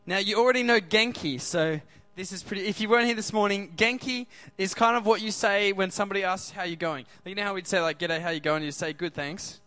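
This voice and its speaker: A man's voice: high voice, a little fast, few pauses, bright, forceful tone. A man preaching a sermon in an upbeat way, often asking the crowd questions.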